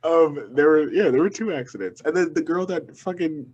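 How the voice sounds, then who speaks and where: A man's voice: a little high, darkish tone, husky, lo-fi sound. Laughing young man telling stories. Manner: laughing storyteller, quick asides. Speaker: podcast co-host. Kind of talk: casual chat.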